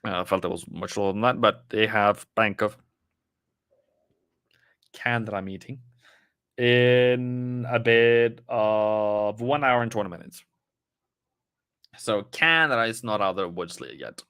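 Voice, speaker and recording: A man's voice: lowish voice, unhurried, long pauses, a bit bright, clean tone, no room sound, clean studio sound. A man casually commenting on a live trading stream, rambling and chatting with viewers as he goes through the charts.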